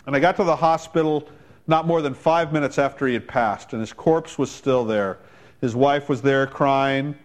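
A male pastor preaching a sermon, quoting people in quick voiced asides and building to loud, emphatic climaxes. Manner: preaching with dramatic rises in pitch and volume; quotes others in voiced asides.

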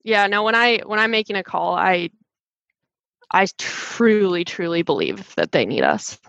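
A woman guest talking fast and animatedly about sales calls, with many restarts. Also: fairly low pitch, very animated, creaky, a bit bright, no room sound. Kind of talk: casual interview chat. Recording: dull dry sound.

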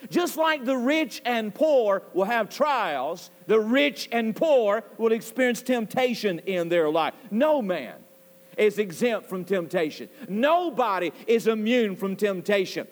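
A man with a high-pitched voice preaches a sermon, leaning hard on key words and repeating them for emphasis. His voice rings out in a church sanctuary, and a long reverb trails after it. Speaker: pastor. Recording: church service recording with long hall reverb.

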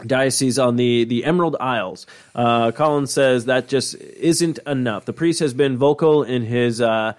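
A man's voice: medium pitch, unhurried. A man co-hosting a podcast in rambling, profane casual chat. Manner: rambling, profane, full of fillers. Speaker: podcast co-host.

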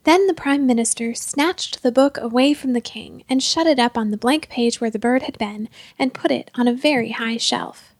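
A woman reads a storybook aloud with gentle, measured pacing. Her voice is fairly high, and the recording is dry with no room echo.

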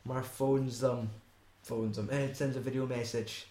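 A Scottish man talking loosely about a film, with rambling, sweary asides and frequent laughter. His voice sits at a middling pitch. It carries a noticeable room echo. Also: level tone, a little slow, mellow. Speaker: podcast co-host. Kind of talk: casual film chat.

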